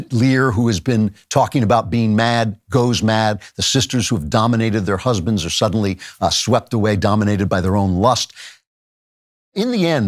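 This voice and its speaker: A man's voice: fairly low pitch, no echo, studio quality. A middle-aged man hosting a podcast, giving an earnest, emphatic lecture-style commentary. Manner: earnest, emphatic, dramatic readings of quotes. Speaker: podcast host.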